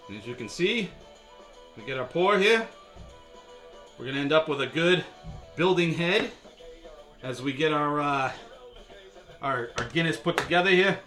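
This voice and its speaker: A man's voice: fairly high pitch, lively intonation, measured pace, long pauses, pushed and bright, faint music behind. A man hosting a casual beer review video, chatty and wry, with a lot of filler words. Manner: chatty, joking, with frequent filler; wry and sarcastic.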